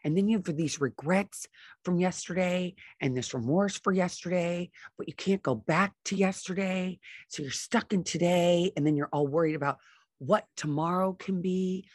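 A woman's voice: lowish voice, normal speed, darkish tone, breathy edge, dry recording, studio quality. A middle-aged woman hosting a solo podcast, talking with enthusiasm and repeating phrases for emphasis. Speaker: podcast host.

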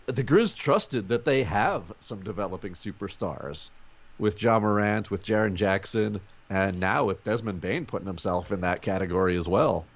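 A man's voice: fairly low pitch, moderate pace, gravelly, highs cut off. A man co-hosting a sports podcast from home over a video call, talking energetically in casual chat. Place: home during a snow day.

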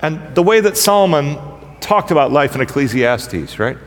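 A man preaching a casual, humorous sermon, telling stories in a loose, animated way. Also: a little high, moderate pace. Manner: conversational, joking, animated storytelling. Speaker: pastor. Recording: long hall reverb.

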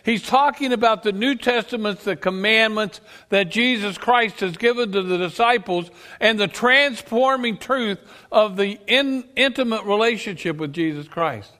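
A male preacher delivering an emphatic sermon, asking his congregation questions and swinging between loud declarations and quiet asides. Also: high voice, normal speed, few pauses. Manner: emphatic, rises and drops sharply, asks the congregation questions. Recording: long reverb of a church hall.

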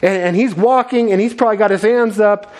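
A man's voice: sits high, fairly quick, darkish tone. A man preaching a sermon, telling a scripture story with earnest, dramatic delivery. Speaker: pastor.

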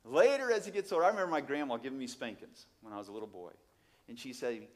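Animated male preacher. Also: racing, in a large hall. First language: Portuguese. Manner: animated, emphatic, swings from low asides to loud exclamations, rhetorical questions. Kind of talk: sermon.

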